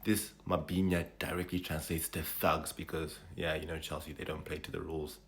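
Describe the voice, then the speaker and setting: A man from Zimbabwe, casually explaining things to his viewers in a relaxed, chatty way. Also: rumbling low, a little fast. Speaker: video creator.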